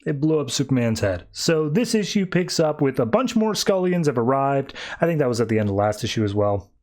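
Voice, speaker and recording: Brief: young male podcast host, mid-pitched voice, loose chatty recap with many fillers. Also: big pitch swings, a little fast, darkish tone. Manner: rambling, filler-heavy, quotes characters in a lifted voice. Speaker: podcast host reviewing comics. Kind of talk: casual recap and review.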